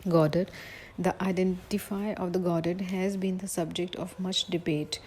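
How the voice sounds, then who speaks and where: A woman giving a recorded literature lecture, reading from notes haltingly, with slips and self-corrections. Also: lowish voice, little pitch movement, darkish tone, a little hiss or hum, low-quality recording.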